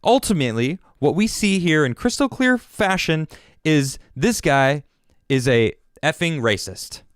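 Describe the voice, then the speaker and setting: A man in the middle of a fed-up rant on his own podcast, often stumbling and restarting. His pitch leaps up and drops away. The sound is dry and close, with no room around it. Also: a little slow, clean tone, dry recording. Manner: animated, exasperated, restarts often. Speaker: podcast host. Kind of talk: ranting political commentary.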